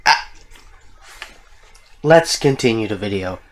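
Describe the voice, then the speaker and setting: A man's voice: lowish voice, animated, takes it slowly, a bit bright, slight background noise. A man hosting a reaction video, talking casually, exclaiming in disbelief and swearing freely.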